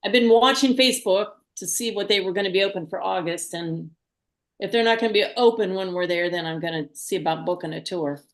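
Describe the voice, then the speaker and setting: A woman's voice: mid-range voice, fairly quick. An older woman in a casual group chat, talking in a plain, matter-of-fact way. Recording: echoey room.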